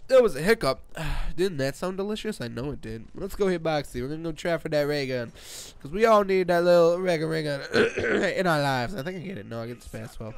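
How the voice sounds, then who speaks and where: A young man in his late teens doing rambling, jokey gameplay commentary from his bedroom, excitable and prone to sudden screams. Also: a little high, vocal fry. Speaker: gaming channel host. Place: own bedroom.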